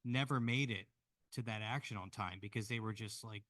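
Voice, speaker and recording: A man's voice: lowish voice, moderate pace, fairly bright tone, no room sound. A man hosting an event, asking the guest questions in a casual, friendly way and wrapping up the session. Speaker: event host and moderator.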